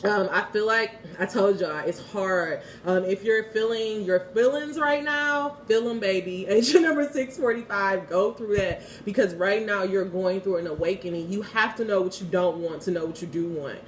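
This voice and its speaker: A woman's voice: medium pitch, normal speed, few pauses, slight background noise. Candid woman in her thirties, echoey room. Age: 30s. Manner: candid, swears freely, laughs often. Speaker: spiritual card reader. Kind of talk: casual spiritual reading with prayer. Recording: echoey room, heard from a distance.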